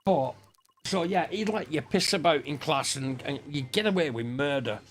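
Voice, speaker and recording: A middle-aged man, a gaming streamer, rambles and swears through school anecdotes while playing a game. His voice is a little high and animated, at a moderate pace, in casual storytelling over gameplay.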